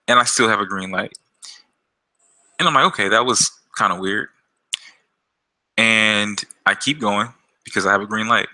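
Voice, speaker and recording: A man's voice: lowish voice, sharp tone. A man vlogging about a personal experience in a casual, hesitant storytelling style, with many fillers and restarts. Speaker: gaming YouTuber.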